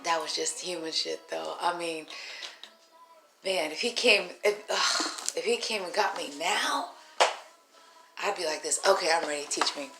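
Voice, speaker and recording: A woman telling a rambling personal story in a casual vlog, animated and profane, laughing often. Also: on the low side, unhurried, vocal fry, long pauses, background noise. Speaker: vlogger. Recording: roomy echo.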